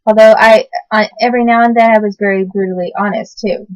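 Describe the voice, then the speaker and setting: A woman in her forties recalling the past in a casual, halting way, often stopping to correct herself and search for words. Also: medium pitch, steady tone. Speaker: recalling past babysitting work. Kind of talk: casual personal recollection to camera. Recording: dull lo-fi sound.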